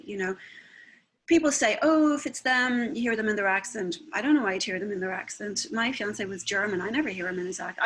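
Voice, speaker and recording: A woman's voice: mid-range voice, pushed and bright. A woman who works as a spiritualist medium, talking in a chatty, rambling way and often checking with "right?". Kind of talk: conversational talk.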